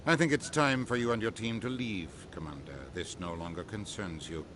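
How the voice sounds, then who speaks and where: A man playing a smug, deep-voiced politician. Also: normal speed, background noise, close to an everyday voice. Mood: dismissive. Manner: cool, dismissive. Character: smug older male politician, condescending. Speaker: video game character.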